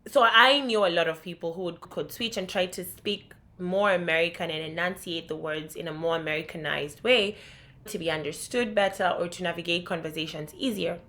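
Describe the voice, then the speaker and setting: A woman's voice: on the low side, brisk, bright, forceful tone. A young woman from Kenya with a Kenyan accent, talking candidly and reflectively in a vlog. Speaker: vlogger.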